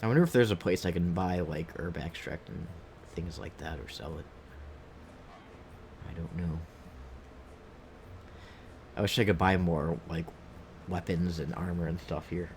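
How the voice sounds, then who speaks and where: A man's voice: deep voice, measured pace, long pauses, slight background noise. A man casually chatting while streaming a game, rambling as he plays and reading lines aloud, with a stuffed-up nose. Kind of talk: casual gameplay commentary.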